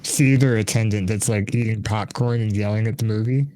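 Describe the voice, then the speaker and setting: A man's voice: lowish voice, fairly even intonation, fairly quick, warm tone, no room sound. A man joking dryly in a casual podcast chat. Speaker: podcast regular.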